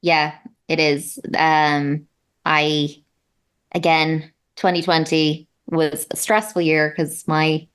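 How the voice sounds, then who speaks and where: A woman's voice: low-pitched, little pitch movement, slow pace, a bit bright, smooth. An Irish woman, a guest athlete, chatting casually in an interview with lots of fillers. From Ireland. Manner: chatty, self-deprecating, many fillers.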